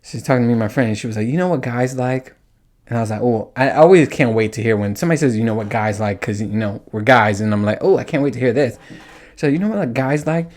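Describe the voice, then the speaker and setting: A man's voice: mid-range voice, fast talker, a little mellow. A young man hosting a podcast in a casual monologue, crude and joking, laughing often. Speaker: podcast host.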